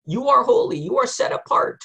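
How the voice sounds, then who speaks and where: A man's voice: extremely high pitch, very animated, fairly quick, gravelly, bright, forceful tone, slightly rough. A man leading a group Bible study in a conversational way, often asking the group questions and using many fillers.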